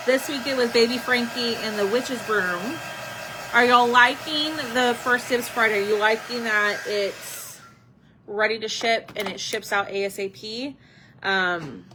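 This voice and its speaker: A woman's voice: fairly high pitch, background noise. A woman hosting a live craft stream, chatting casually with viewers and answering their comments while she paints.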